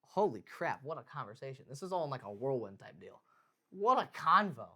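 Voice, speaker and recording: A man's voice: mid-range voice, sing-song, fast. A man co-hosting a podcast, chatting casually about the Bible and reading long scripture passages aloud, with fillers and laughs. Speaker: podcast co-host. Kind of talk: casual Bible study chat.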